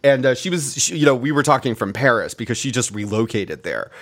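A man's voice: medium pitch, animated, a little fast. Chatty enthusiastic male podcast host. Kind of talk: casual interview.

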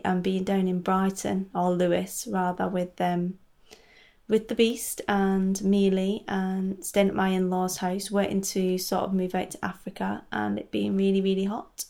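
A woman's voice: medium pitch, creaky, darkish tone. A woman hosting a casual knitting podcast, chatting in a rambling way with lots of asides. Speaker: podcast host. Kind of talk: casual solo podcast chat. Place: home in Scotland.

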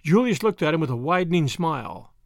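A man narrating an audiobook in an expressive storytelling manner. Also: fairly high pitch, brisk, vocal fry, no room sound, studio quality. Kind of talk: scripted narration.

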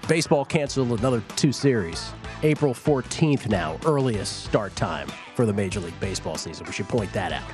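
A man hosting a sports betting talk show, chatting casually in an animated, jokey and emphatic way. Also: fairly low pitch, a little fast, over music.

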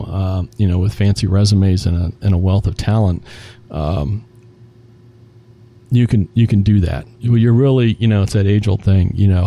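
Male guest, restaurant executive, warm low-key tone, lively storyteller who voices the people in his anecdotes. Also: vocal fry. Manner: animated storyteller acting out quoted dialogue. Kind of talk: casual interview storytelling.

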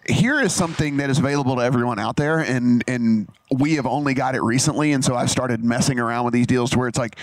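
A man's voice: mid-range voice, dry recording. A man and guest co-host in casual studio chat, animatedly retelling a story and acting out the quotes.

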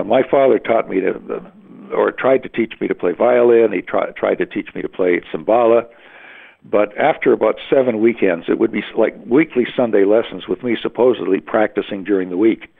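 An older man from Western Canada, a veteran radio announcer, telling his story in an oral history interview with halting, rambling restarts. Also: lowish voice, gravelly. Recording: phone-like narrow sound.

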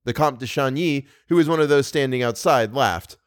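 This is a male audiobook narrator reading a classic novel as scripted narration, his delivery measured and even. His pitch is medium, and the studio-quality recording has no room sound.

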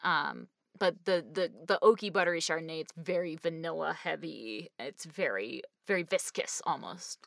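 A woman's voice: low-pitched, normal speed, gravelly, few pauses, a bit bright, no echo, clean studio sound. A woman co-hosting a podcast in casual, bubbly chat, laughing often and rambling. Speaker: podcast co-host.

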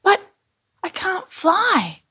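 A woman's voice: lively intonation, normal speed, exaggerated voice. A woman voicing an eager bathtub boy. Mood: excited. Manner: eager, high and bright. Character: excited cheerful young bathtub boy.

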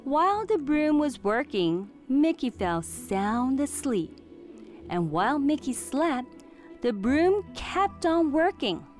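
A woman reading a children's storybook aloud in an expressive, clearly enunciated way. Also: high-pitched, slow pace, soft background music. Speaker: storybook reader.

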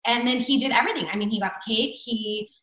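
A fairly high-voiced woman tells a story in a relaxed, chatty way, filling her sentences with "like." The sound is roomy and echoey. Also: fast talker. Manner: chatty, many fillers and "like". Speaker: guest. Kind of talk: casual storytelling.

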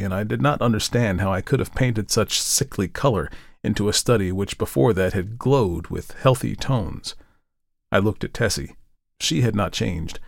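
A man narrating a horror story in a measured, deliberate way, slowing down for the grim parts. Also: lowish voice, vocal fry, dry recording, clean studio sound. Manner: measured, deliberate, slows for dread. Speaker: podcast host and reader.

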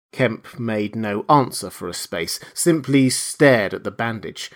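A man narrating a classic novel aloud, measured and letting his voice fall quietly at the end of each phrase. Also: fairly low pitch, expressive. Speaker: audiobook narrator. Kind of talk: scripted narration.

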